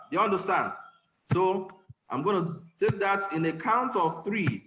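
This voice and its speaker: A man hosts an online meeting over a video call, thanking the guest and leading the group. His voice is a little high for a man. It carries the echo of a bare room, with faint noise behind it. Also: expressive, moderate pace. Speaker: meeting host.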